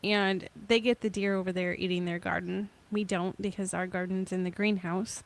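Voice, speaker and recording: A woman's voice: medium pitch, steady tone, normal speed. A woman co-hosting a casual home podcast, telling rambling, chatty stories. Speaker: podcast co-host.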